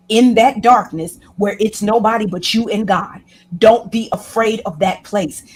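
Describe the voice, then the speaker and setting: A woman's voice: medium pitch, husky. Impassioned woman with a preacherly flow. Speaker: guest, women's class leader. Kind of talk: candid interview talk.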